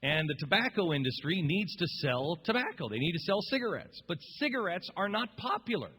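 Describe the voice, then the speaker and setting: A man's voice: high voice, very animated, fairly quick, pushed and bright. A man hosting a talk radio show, telling a story in an impassioned, rambling, emphatic way. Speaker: radio host. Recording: long reverb.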